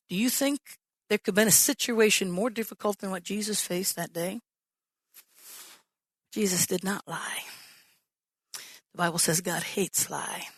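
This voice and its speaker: A woman pastor preaching a sermon, telling the story with lively acted-out quotes. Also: fairly low pitch, husky, no echo. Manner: animated storytelling, acts out quoted voices.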